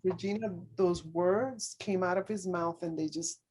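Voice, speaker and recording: A woman speaking as a podcast guest, telling a personal story in earnest, halting speech full of fillers and restarts. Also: fairly low pitch, darkish tone, breathy edge. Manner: earnest, speaks openly about faith.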